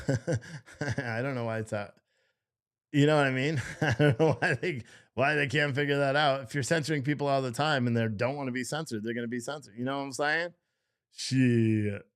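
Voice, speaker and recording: A man's voice: medium pitch, normal speed. Profane, mocking male live streamer. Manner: profane, mocking, reacts loudly to what he reads; chats with viewers in the chat. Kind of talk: casual live stream commentary reading posts aloud.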